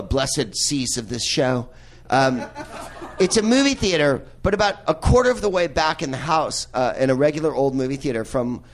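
A man hosting a live podcast in a movie theater, riffing on a film with profane, laughing asides. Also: medium pitch. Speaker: podcast host. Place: old movie theater with audience.

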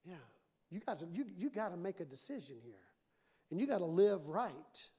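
A woman's voice: on the low side, very animated, moderate pace, dark tone, breathy edge. Emphatic woman pastor preaching a sermon. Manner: emphatic, conversational preaching that acts out quoted voices.

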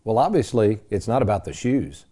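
A man's voice: fairly low pitch, expressive, moderate pace, over loud music. A man hosting a radio talk show on retirement money, talking in a folksy, joking, rambling way with plenty of fillers into a studio microphone. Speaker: radio host and retirement planner.

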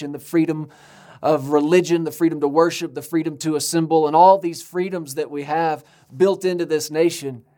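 American male preacher, emphatic sermon delivery, slightly high voice. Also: mellow. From United States. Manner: emphatic, slows to stress key words, rises to high pitch for appeals.

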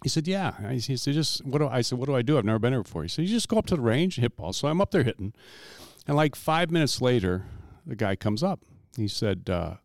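A man's voice: quick pace, no echo, clean studio sound. A man chatting casually and telling a long, rambling story, full of restarts and asides. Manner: rambling, with lots of restarts and lively pitch swings.

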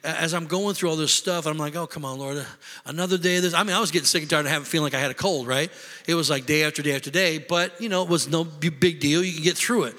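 A man's voice: on the high side, quick pace, sharp tone. A middle-aged man preaching a sermon as pastor, impassioned and conversational, repeating himself for emphasis. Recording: long hall reverb.

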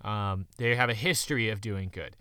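A man in casual conversation about a movie, animated and quick to laugh. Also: on the low side, smooth, no room sound, studio quality.

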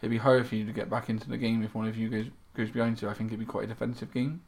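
A man interviewing casually, asking questions in a hesitant, halting way. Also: lowish voice, little pitch movement, gravelly, darkish tone. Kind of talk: casual chat.

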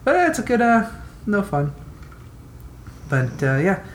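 A man's voice: sits high, sing-song, slow pace. A young man co-hosting a casual podcast chat, swearing freely, ranting and laughing often. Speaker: podcast co-host.

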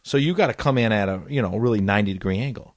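A man's voice: on the low side, racing, no echo, studio quality. A middle-aged man, an actor and comedian, telling a comic story in casual chat. He acts out quotes and laughs often.

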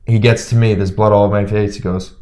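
A young man, a former hockey player, telling stories in a relaxed way as an interview guest and acting out what others said. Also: lowish voice, fast. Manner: relaxed storyteller who acts out quotes. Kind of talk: casual storytelling interview.

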